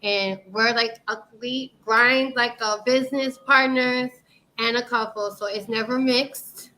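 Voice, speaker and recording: A woman from New York hosting a casual livestream chat, loud and laughing with lots of swearing. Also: fairly high pitch, fairly even intonation, unhurried. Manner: loud, laughing, profane banter. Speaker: livestream show host. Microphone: livestream setup, video call.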